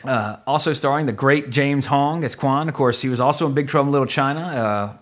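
A middle-aged man hosting a podcast, rambling through a movie review with quick asides and casual swearing. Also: mid-range voice. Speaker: podcast host.

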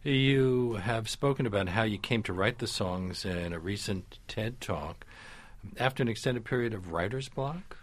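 Low-voiced male interview host. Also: moderate pace. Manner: curious, conversational, hesitant fillers.

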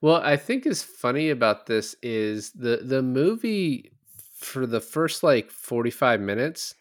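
A man's voice: mid-range voice, sing-song, unhurried, dry recording, studio quality. A young man co-hosting a podcast, chatting casually about a movie, rambling with lots of fillers and restarts. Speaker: podcast co-host.

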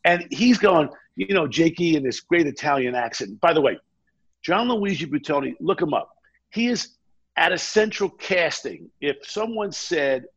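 A man tells a rambling story in a casual chat. His voice is fairly high for a man, gravelly and a bit husky, and he keeps acting out the people in the story. The audio is dull and lo-fi. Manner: animated, quotes people mid-story. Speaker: guest.

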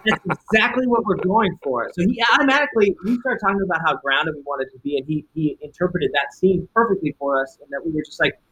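Fast-talking, bright-voiced man telling a story. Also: on the high side, low-quality recording. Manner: fast, animated storyteller acting out quotes. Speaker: film director, guest. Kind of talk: casual interview storytelling.

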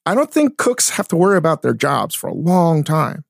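A man co-hosting a casual podcast, talking in an animated way, swearing often and restarting his sentences. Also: fairly high pitch, a little fast, vocal fry, no room sound, studio quality. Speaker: podcast co-host, chef. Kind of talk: casual chat. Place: studio.

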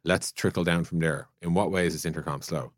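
A man talks quickly in a low voice, chatting through ideas on a podcast. He circles his points with fillers and restarts. The sound is dry and close. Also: steady tone, dry recording. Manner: thinks aloud with many "like" fillers and restarts. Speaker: podcast co-host, product leader. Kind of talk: casual conversational podcast chat.

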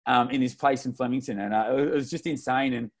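A man in his twenties from Melbourne with an Australian accent, a podcast guest excitedly telling stories in slangy, casual talk. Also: mid-range voice, a little fast. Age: 20s. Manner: excitable, slangy, tells stories with lots of retold dialogue. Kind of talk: casual interview storytelling.

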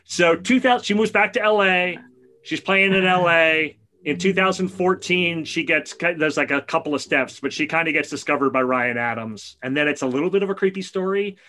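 Middle-aged guy chatting excitedly on a podcast, kinda high and bright. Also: moderate pace. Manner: enthusiastic storyteller. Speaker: podcast co-host. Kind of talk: casual chat.

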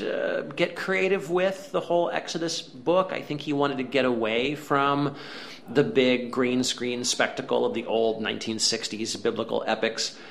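A man's voice: medium pitch, creaky, a bit bright, a little hiss or hum. A man hosting a movie podcast, talking through a film review in casual chat. He is wry and chatty. He often stops mid-thought on "uh" before pressing on. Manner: wry, chatty, prone to filler pauses. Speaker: podcast host, film critic. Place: empty office room.

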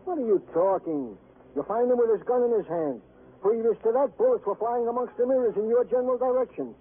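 A fussy wordy police sergeant. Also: male voice, extremely high pitch, brisk, gravelly, slightly rough, heavily acted. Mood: chiding. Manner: flowery, roundabout phrasing, gently teasing. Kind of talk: 1950s radio drama acting. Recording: tinny old radio broadcast with hiss.

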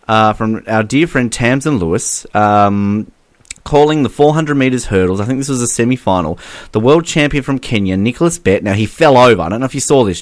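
A man's voice: mid-range voice, no room sound, studio quality. A man co-hosting a podcast, chatting casually and acting out quotes with lots of laughs. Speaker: podcast co-host. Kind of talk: casual chat. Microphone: podcast mic.

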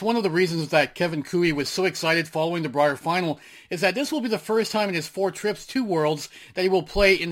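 A man with a slightly higher voice reads out long, formal questions to his guest. His phrasing sounds prepared and measured, as if written out in advance. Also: a bit bright. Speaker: interviewer.

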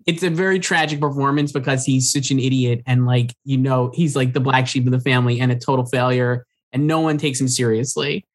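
A man's voice: mid-range voice, fairly even intonation, a little fast, hardly any pauses. A man co-hosting a casual film awards podcast, talking loosely with lots of filler words and restarts. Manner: chatty, full of "like" fillers and restarts. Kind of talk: casual chat.

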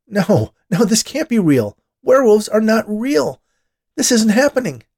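A man voicing a terrified male patient, high, loud and frantic. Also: big pitch swings, measured pace, exaggerated voice. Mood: panicked.

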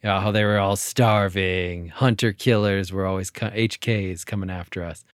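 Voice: sits low, steady tone, clear, resonant tone, no room sound. Laughing co-host, dry close sound. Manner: laughing, jokey and quick to riff. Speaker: podcast co-host. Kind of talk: casual movie discussion.

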